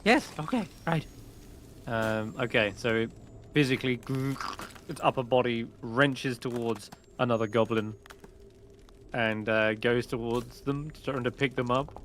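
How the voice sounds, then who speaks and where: Bright, lively male game master narrating with laughs. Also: medium pitch, measured pace, a little hiss or hum.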